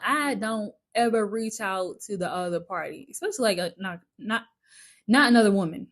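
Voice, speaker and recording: A woman vlogger telling a personal story in a casual, candid way, chatty and expressive, with lots of filler words and some swearing. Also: mid-range voice.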